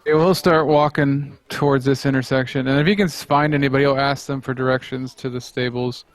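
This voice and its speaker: A man's voice: mid-range voice, steady tone, brisk, no room sound. A man who is a player in a tabletop game, thinking aloud about his next moves in casual chat.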